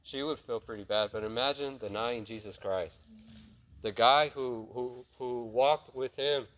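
A man's voice: medium pitch, a little slow, fairly bright tone. A young man preaching a casual sermon, retelling a Bible story in plain talk, asking his listeners questions and acting out the lines of the people in it. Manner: conversational, asks the audience questions, acts out dialogue. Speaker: youth preacher.

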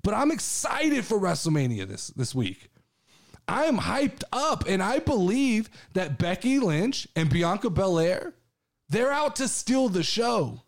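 Excitable, high-voiced man ranting profanely. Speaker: podcast host. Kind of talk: casual chat.

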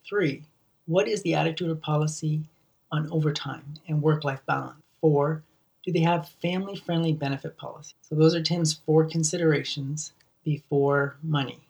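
A man's voice: a little high, fairly even intonation, normal speed, creaky, a little mellow, recorded from a distance. A man hosting a solo podcast, talking earnestly and often repeating words as he restarts sentences. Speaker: podcast host.

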